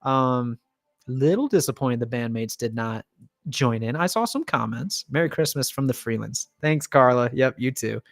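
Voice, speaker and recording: A man's voice: medium pitch, normal speed, vocal fry, no room sound, clean studio sound. A man hosting a casual livestream Q&A, chatty, laughing often and reading viewer comments aloud. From United States. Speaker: livestream host, band member.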